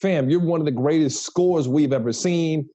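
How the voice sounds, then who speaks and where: A man's voice: fairly high pitch, moderate pace, mellow. A man co-hosting a podcast, asking playful questions full of slang in casual chat. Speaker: podcast co-host. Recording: dull lo-fi sound.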